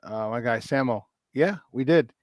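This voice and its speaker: A man co-hosting a casual sports talk show, telling stories with lots of fillers, swearing freely, and getting loud when he acts out a scene. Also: medium pitch, normal speed, no echo. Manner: animated storyteller who shouts in retold scenes, swears freely. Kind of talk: casual sports radio chat.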